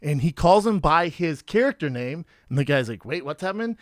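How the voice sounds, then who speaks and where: A man in his thirties hosting a podcast, telling animated stories and acting out the quotes in a casual chat. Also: on the high side, normal speed, no room sound, clean studio sound. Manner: animated storyteller, acts out quotes. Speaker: podcast host.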